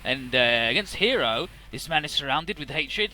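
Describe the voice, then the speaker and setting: Bright-voiced, sarcastic young game commentator. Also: male voice, medium pitch, sing-song, moderate pace, hardly any pauses, soft background music. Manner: profane, sarcastic recapping. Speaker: let's play host.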